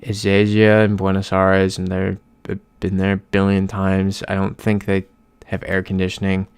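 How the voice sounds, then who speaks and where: A man's voice: sits low, monotone, normal speed, clean tone, no echo. A young American man chatting casually on a live stream, reading out chat messages as he plays. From United States.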